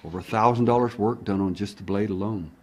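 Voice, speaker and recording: A man who investigates alien abduction cases, telling a story in an animated way and acting out the dialogue. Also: fairly low pitch, fast. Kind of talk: storytelling monologue.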